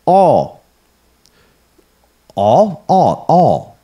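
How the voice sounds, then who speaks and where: A woman's voice: deep voice, wildly swooping pitch, drawn-out words, mellow. A woman co-hosting a comedy podcast, adding wry, self-mocking asides in casual banter. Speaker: podcast co-host.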